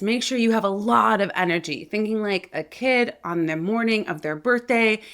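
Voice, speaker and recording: An energetic woman coaches listeners through vocal exercises, her voice sitting in a middle pitch. She talks with lively emphasis and shifts her loudness from full to soft to demonstrate projection. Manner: energetic, demonstrative, varies loudness to show technique. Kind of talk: instructional video lesson.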